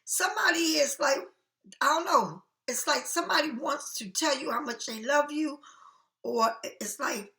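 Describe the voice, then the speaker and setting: A woman's voice: high-pitched, measured pace, fairly bright tone, reverberant. A woman doing a casual tarot reading for viewers, chatty and frank, swearing freely and calling the listener honey. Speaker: tarot card reader.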